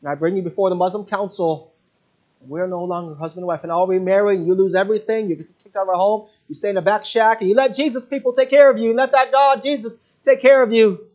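A man acting out an angry middle-aged husband who scorns his wife, his tone low and hard. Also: unhurried, long pauses, breathy edge. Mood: scornful. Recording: dull lo-fi recording.

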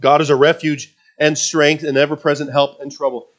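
A man's voice: a little high, level tone, normal speed, muffled recording. A man preaching a sermon to a congregation, leading them in reading scripture aloud, with earnest fervent passages and self-deprecating asides. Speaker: pastor.

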